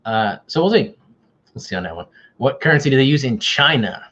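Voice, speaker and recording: Running an online quiz, this man trades lighthearted jokes and teases himself along the way. His mid-range voice is animated and brisk, heard through dull audio with background noise.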